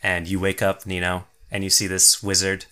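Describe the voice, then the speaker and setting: A man narrating as game master of a tabletop game, relaxed and chuckling. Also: sits low, normal speed, clean tone.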